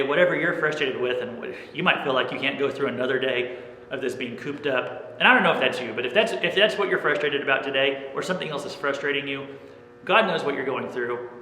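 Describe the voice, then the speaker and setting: A man's voice: medium pitch, pushed and bright, a little hiss or hum. A man preaching a sermon as pastor, earnest and plain, often checking in with "okay?". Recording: echoey room with long reverb.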